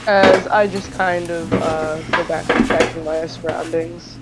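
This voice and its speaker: A woman playing a tabletop game, describing her character's actions in a relaxed, casual way. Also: low voice, measured pace, heavy background noise. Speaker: player. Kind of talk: casual in-character play narration.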